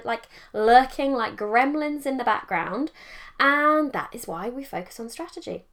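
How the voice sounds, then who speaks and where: A woman talks through her podcast alone in an easy, chatty way. Her voice sits a little high, and she slips into animated quoted voices while fixing her own words as she goes. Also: measured pace. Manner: chatty, self-correcting, animated quoted asides. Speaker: podcast host and mindset coach. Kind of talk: solo podcast monologue.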